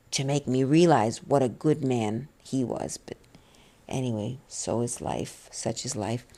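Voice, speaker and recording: A middle-aged woman talking about her life in a rambling, halting way, near tears, full of restarts and fillers. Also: sits low, a little mellow. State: tearful, on the verge of crying. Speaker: vlogger. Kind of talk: personal confessional vlog, soft-spoken.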